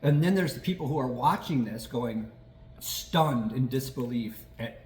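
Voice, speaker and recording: A man hosting a casual political chat, animated and quick to laugh, swearing and acting out quotes as he talks. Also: medium pitch, echoey room, slight background noise. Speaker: podcast host.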